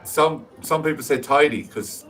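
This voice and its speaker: A man chatting casually on a live stream, explaining things plainly in a relaxed, playful way. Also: a little high, a little slow, faint music behind. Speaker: chat partner on a live stream.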